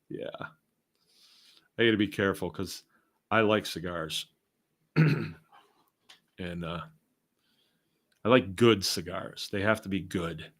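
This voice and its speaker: A man's voice: deep voice, slow, long pauses, fairly bright tone. A middle-aged man from Massachusetts hosting a casual live stream, reading viewer comments aloud and rambling along with chuckling asides. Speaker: host.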